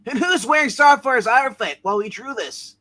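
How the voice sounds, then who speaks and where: Lively high-voiced man. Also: moderate pace. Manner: eager, quizzing the others. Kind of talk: casual comic podcast chat.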